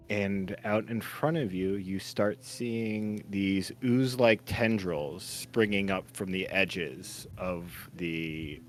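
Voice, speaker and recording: A man narrates a tabletop game at an easy, drawn-out pace. His voice sits a little low, the talk loose and dotted with fillers. Soft music plays behind him. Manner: relaxed, filler-heavy narration with laughs. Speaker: game master.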